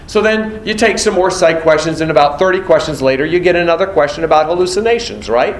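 A man's voice: on the high side, expressive, fast, roomy sound, slight background noise, rough recording. A man teaching a nursing exam prep class, quizzing students and acting out exam scenarios. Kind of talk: classroom lecture.

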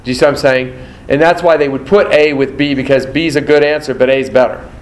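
A man's voice: mid-range voice, fairly even intonation, fairly quick, reverberant, rough recording. A man teaching a nursing exam prep class, quizzing students and acting out exam scenarios. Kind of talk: classroom lecture.

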